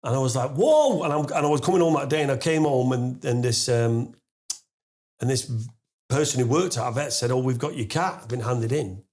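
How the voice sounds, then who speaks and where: A man in his forties, a podcast guest, telling a long anecdote with lots of fillers and restarts, and getting louder and higher as he laughs through the punchline. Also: normal speed. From England. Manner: animated storyteller, rising to loud laughing disbelief; frequent fillers and restarts, swears casually. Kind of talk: storytelling in a podcast interview.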